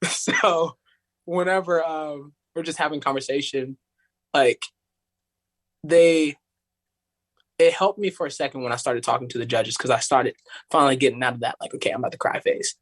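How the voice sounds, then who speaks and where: Chatty young man, slightly high voice. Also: moderate pace, long pauses, fairly bright tone. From Tennessee, USA. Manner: rambling, heavy use of "like", acts out voices of others. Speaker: podcast guest, singer. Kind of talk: casual storytelling.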